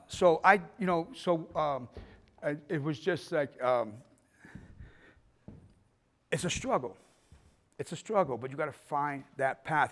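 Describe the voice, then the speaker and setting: An older man tells stories from his filmmaking life in a loose, animated way, swearing freely and acting out the people in them. His voice sits a little high for a man. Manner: animated, profane, acts out scenes in voices. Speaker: filmmaker giving a festival talk. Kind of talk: casual storytelling talk.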